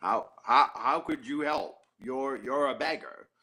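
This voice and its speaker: A man's voice: mid-range voice, measured pace, sharp tone. A man voicing a curt, disbelieving village synagogue caretaker in a folktale. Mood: doubtful. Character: gruff, doubting male synagogue caretaker.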